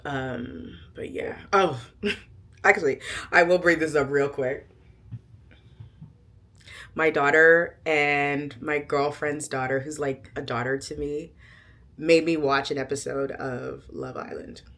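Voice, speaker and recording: A middle-aged woman talks casually to her viewers in a lowish voice with a bright, forceful edge. She is animated and emphatic, laughing often and bursting into loud exclamations. Her tone moves from offhand asides to full-voiced outbursts. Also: slow, long pauses. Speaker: lifestyle vlogger. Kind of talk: casual chat to camera.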